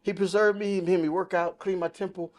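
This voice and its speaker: A man's voice: high-pitched, little pitch movement, a little fast. A man of sixty telling his life testimony in casual podcast talk, emphatic and storytelling, quoting the people in it. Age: 60s. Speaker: podcast guest.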